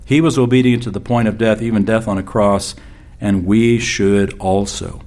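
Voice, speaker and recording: A man preaching a sermon, reading scripture aloud with slow emphasis and repeating key phrases. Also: lowish voice, fairly even intonation, darkish tone. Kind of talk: expository sermon.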